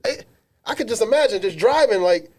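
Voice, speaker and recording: An animated podcast co-host, he speaks a little fast in a slightly high voice that swings widely in pitch. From a small studio he tells comedic stories in slangy, emphatic casual talk.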